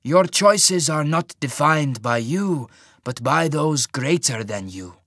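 Old rotund mage lord, genial but sinister, unhurried delivery, played by a man narrator. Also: a little high, lively intonation, dry recording, studio quality, voice pushed up, heavily acted. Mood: genially menacing. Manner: slow, measured, softly menacing.

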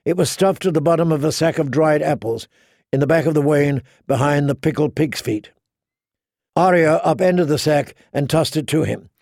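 A man narrating a story in a measured way, slowing down for dramatic beats. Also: a little high, creaky, a little mellow, dry recording, clean studio sound. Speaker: audiobook narrator. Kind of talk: scripted narration.

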